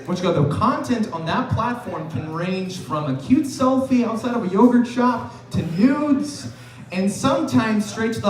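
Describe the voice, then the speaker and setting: A man's voice: sits high, big pitch swings, normal speed. A man in his twenties performing a loose, rambling, profane stand-up set on a bar stage. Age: 20s. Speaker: stand-up comedian. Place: bar stage before a live audience. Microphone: camera far from the stage. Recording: roomy, distant bar recording with crowd.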